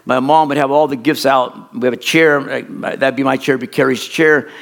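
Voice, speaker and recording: A middle-aged man preaching a sermon as a pastor, telling a folksy, rambling childhood story in an animated way. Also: medium pitch, moderate pace, gravelly.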